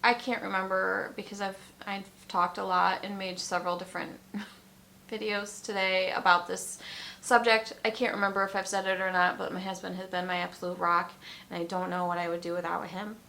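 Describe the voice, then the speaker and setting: A woman talking openly in a personal vlog, emotional and halting, fighting back tears and pausing often with fillers. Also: mid-range voice, flat delivery, vocal fry, pushed and bright. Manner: emotional, tearful, halting with many ums. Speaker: vlogger.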